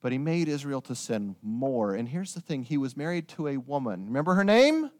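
Lively, animated male preacher. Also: medium pitch, fairly quick. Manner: lively storytelling with joking asides to the audience. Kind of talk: sermon.

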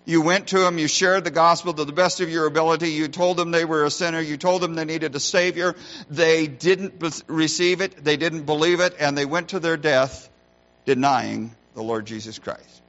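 A man's voice: fairly high pitch, fairly even intonation, normal speed, a bit bright. Earnest preaching man, dull recording. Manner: earnest preaching, varied emphasis, rhetorical questions. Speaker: pastor. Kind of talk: sermon.

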